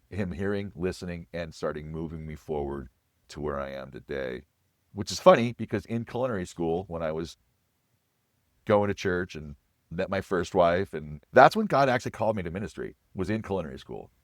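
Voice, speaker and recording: Guest, male, 40s, low voice, reflective testimony, dry recording. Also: moderate pace, dry recording. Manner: earnest, reflective storytelling with frequent restarts. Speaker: guest, chef. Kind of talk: personal testimony in an interview.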